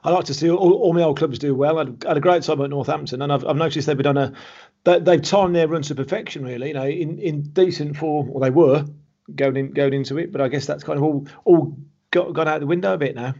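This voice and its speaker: A man's voice: a little high, fast, warm tone, husky. A man in his fifties, a former footballer, chatting as a guest with friendly banter and stumbling restarts. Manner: friendly, banter, repeats words when starting. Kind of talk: casual interview chat. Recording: dull lo-fi remote audio.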